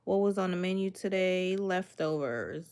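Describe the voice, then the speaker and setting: A woman's voice: on the low side, normal speed, darkish tone, smooth. A young woman from Miami chatting casually on a livestream, reading comments and greeting viewers by name in a laid-back, sassy way. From Miami, Florida. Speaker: livestreaming cooking creator.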